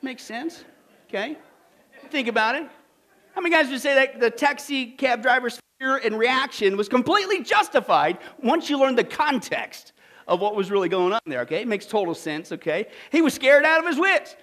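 Male pastor, very high voice, animated and jokey, sermon delivery. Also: moderate pace. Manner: animated, jokey, punchy exclamations. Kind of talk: sermon with storytelling.

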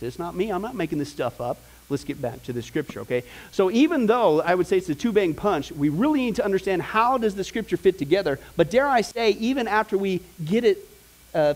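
A middle-aged man teaching a Bible class in a high, lively voice. He talks to his students casually, asks them questions and acts out the people he quotes. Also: low-quality recording.

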